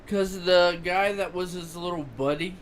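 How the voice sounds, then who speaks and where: Male podcast co-host, opinionated rambler, slightly high voice, noisy home recording. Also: measured pace. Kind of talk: casual chat. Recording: noticeable background noise.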